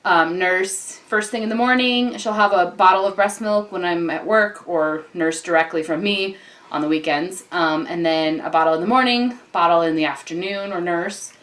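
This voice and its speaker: A woman's voice: on the low side, moderate pace, fairly bright tone. A young woman, a mother and vlogger, chatting casually to the camera at home, with plenty of ums and likes. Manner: chatty, many ums and likes, breaks off to talk to baby. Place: home, indoors. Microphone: camcorder on a tripod.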